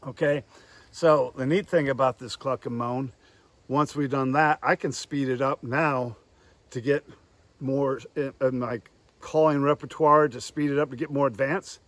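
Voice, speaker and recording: A man giving a hands-on lesson on goose calling, speaking plainly and pausing to demonstrate calls. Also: medium pitch, fairly even intonation, dry recording. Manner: plain-spoken, demonstrates calls between explanations. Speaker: goose call instructor.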